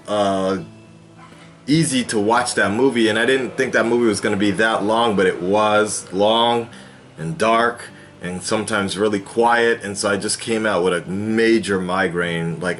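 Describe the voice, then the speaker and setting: A YouTube reaction host chats casually on his own vlog, projecting toward a camera mic some distance away. He rambles with lots of fillers and restarts, in a lowish, slightly bright voice.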